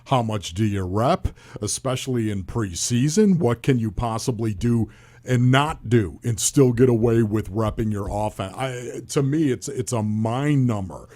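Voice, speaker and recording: A man working as a radio color analyst, talking football in an animated, emphatic way and firing off rhetorical questions. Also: medium pitch, unhurried. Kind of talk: sports talk analysis.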